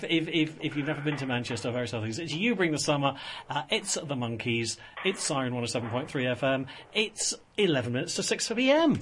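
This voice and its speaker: A man's voice: medium pitch, animated, a little fast, few pauses, fairly bright tone, a little hiss or hum. A man presenting a casual radio chat show in a studio, rambling with many fillers and restarts. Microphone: studio microphone.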